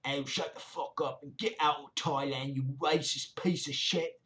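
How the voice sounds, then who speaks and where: A man's voice: a little high, fairly even intonation, normal speed, fairly bright tone, pitched above the performer's own voice, close to an everyday voice. A man voicing an angry, foul-mouthed English male commenter in a put-on South London accent, ranting and sneering.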